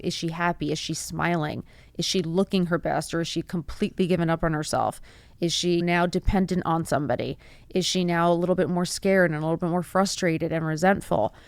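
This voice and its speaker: Woman host in her forties, earnest motivational monologue, lowish voice, dry close sound. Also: dry recording. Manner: earnest, rhetorical questions, rising to emphatic bursts. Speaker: podcast host.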